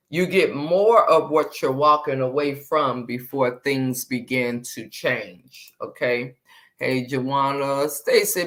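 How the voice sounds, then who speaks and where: Slow-talking woman hosting a live chat. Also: rumbling low, fairly bright tone. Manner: greets viewers by name, chatty, repeats greetings. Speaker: live stream host. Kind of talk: casual live stream chat.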